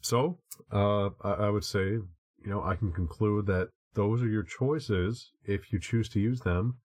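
Deep-voiced wry male podcast co-host. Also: unhurried, a little mellow. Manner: wry, amused, self-deprecating. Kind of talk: casual chat.

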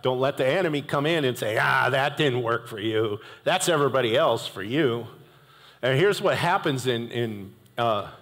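A male pastor preaching a sermon in an animated, conversational way, with jokey asides. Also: medium pitch. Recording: echoey hall reverb.

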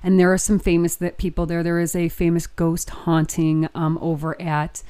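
A woman in casual podcast chat, giggling as she tells animated stories. Her voice sits a little low for a woman. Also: moderate pace, clean tone. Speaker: podcast co-host.

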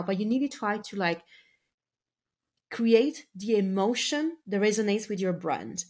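A woman's voice: medium pitch, expressive, unhurried. A woman speaking as a marketing guest on a podcast, talking in a chatty, filler-heavy casual way and laughing easily. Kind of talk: casual interview talk.

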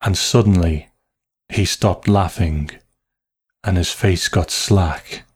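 A man narrating a story in a slow, measured, hushed way. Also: sits low, slightly rough.

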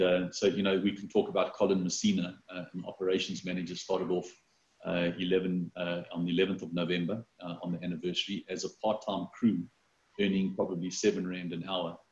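Low monotone guy on a zoom interview, lots of uhs and restarts, echoey muffled call audio. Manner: halting, many fillers and restarts. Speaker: company executive interviewed. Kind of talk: interview over video call. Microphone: video call. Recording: roomy, dull video call audio.

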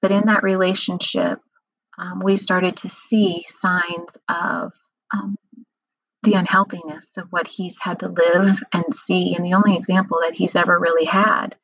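Husky-voiced middle-aged woman, earnest. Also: on the low side, flat delivery, a little slow, a bit bright, dry recording. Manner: earnest, explanatory, many filler ums. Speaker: survivor sharing personal experience. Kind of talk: personal reflective monologue. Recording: dull lo-fi recording.

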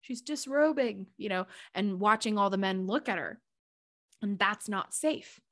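A woman's voice: medium pitch, fairly even intonation, unhurried, pushed and bright. A woman hosting her own podcast in a casual, confessional monologue, chatty and full of "like" fillers, with frequent laughs. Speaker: podcast host.

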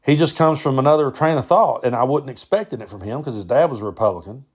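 A man's voice: mid-range voice, fast talker, breathy edge. A middle-aged man from Tennessee with a Southern accent, hosting a podcast and telling a personal story in a folksy, plainspoken way with frequent restarts. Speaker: podcast host.

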